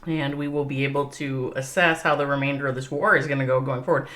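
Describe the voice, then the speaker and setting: Casting an esports game on her livestream, a Minnesota-accented woman talks with her audience and laughs a lot. Her pitch is extremely low, her tone steady and slightly bright, and she speaks quickly.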